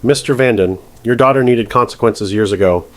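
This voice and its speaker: A man voicing a stern judge who speaks in a calm, measured, precise way. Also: medium pitch, close to an everyday voice. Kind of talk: scripted narration.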